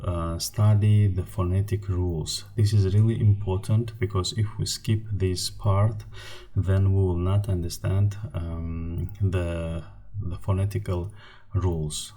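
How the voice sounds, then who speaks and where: A man teaching a lesson at an unhurried pace. His voice is low, mellow and a little husky. He patiently says each example word twice. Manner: patient, repeats example words slowly. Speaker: language teacher. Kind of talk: slide-based language lesson.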